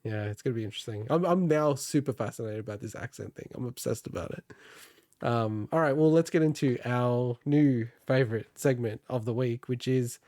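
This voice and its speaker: A man's voice: medium pitch, a little fast, dark tone, no echo, clean studio sound. A man co-hosting a casual gaming podcast, laughing often and rambling with restarts. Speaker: podcast co-host. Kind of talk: casual chat.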